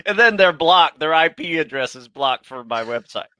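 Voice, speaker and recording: A man co-hosting a casual business chat, telling a story in a relaxed, conversational way. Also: a little high, moderate pace, clean tone. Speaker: podcast co-host.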